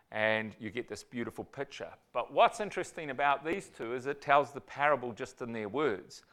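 Smooth-voiced man preaching with dramatic bursts. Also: mid-range voice. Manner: animated storytelling, acts out quotes with sudden loud bursts. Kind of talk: sermon.

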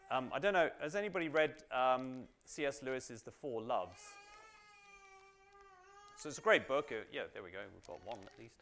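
A man's voice: medium pitch, expressive, moderate pace, a bit bright. A man teaching a Bible study to a small group in an informal, chatty way, full of "um"s and "right?"s. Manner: chatty, frequent fillers and tag questions.

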